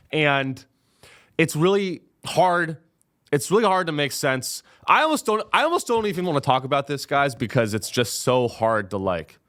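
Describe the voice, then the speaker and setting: A man's voice: mid-range voice, a bit bright. A young man hosting a comedy podcast. He sounds caffeinated and rambles through a profane monologue, full of restarts.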